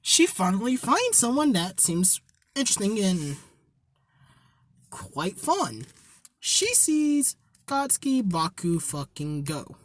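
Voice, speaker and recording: A woman's voice: mid-range voice, very animated, takes it slowly, no room sound. Rambling, cussing woman telling a story. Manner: rambling, profane, joking asides. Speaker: fan fiction storyteller. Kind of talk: improvised casual story narration.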